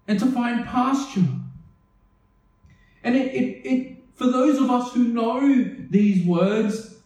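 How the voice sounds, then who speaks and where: Slow, echoey preaching man. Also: extremely high pitch, mellow. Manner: earnest preaching, repeated rhetorical questions. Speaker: pastor. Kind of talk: sermon. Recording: echoey room, voice from a distance.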